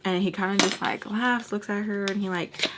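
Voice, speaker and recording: A woman's voice: mid-range voice, steady tone, normal speed, background noise. A young woman telling a story to her camera in a chatty, casual way, acting out the dialogue and saying "like" a lot. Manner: chatty, full of "like" and acted-out quotes. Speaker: storyteller vlogger.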